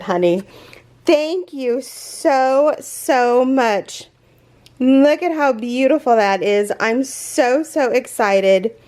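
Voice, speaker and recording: A woman hosting a crochet channel, chatting through a casual unboxing vlog in an excitable, gushing way, rambling with fillers and restarts. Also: on the high side.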